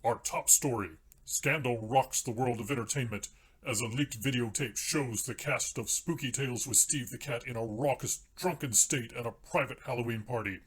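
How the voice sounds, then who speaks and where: A man's voice: medium pitch, normal speed, breathy edge, natural voice. A man voicing a pompous male TV news anchor with a stiff, formal newsreader delivery.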